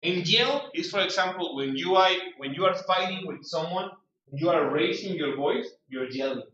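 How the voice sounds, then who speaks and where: A man's voice: a little high, expressive, moderate pace, sharp tone. A man teaching an English vocabulary lesson in a classroom, reading word lists aloud and explaining words with acted examples. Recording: distant echoey classroom, dull lo-fi sound.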